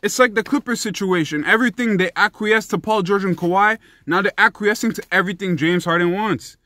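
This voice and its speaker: A man's voice: sits high, fairly quick, bright, forceful tone, no echo. A young man giving heated, profane sports commentary in a ranting vlog style.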